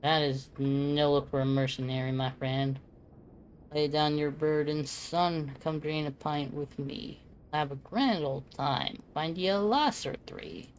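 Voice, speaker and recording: A streamer doing a boastful gruff old mercenary. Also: mid-range voice, steady tone, measured pace, slight background noise, close to an everyday voice. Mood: gruff, taunting. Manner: swaggering, taunting, folksy slang. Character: boastful gruff retired male mercenary, miller.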